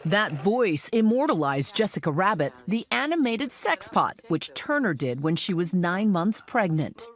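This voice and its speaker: A female news reporter giving polished, expressive broadcast narration. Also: on the low side, unhurried. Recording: archive news clip with loud music.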